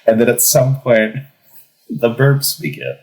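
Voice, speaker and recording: A young man in his thirties telling a comic personal story in a casual podcast conversation, animated and laughing as he goes. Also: mid-range voice, a little slow, faint music behind, poor audio. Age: young adult. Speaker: podcast guest.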